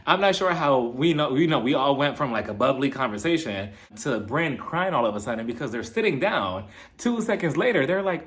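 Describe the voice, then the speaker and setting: Man, reality show recap, gossipy, acts out quotes, lively swooping pitch. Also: a little fast. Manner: gossipy, animated, acts out cast members' quotes. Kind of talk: casual recap commentary.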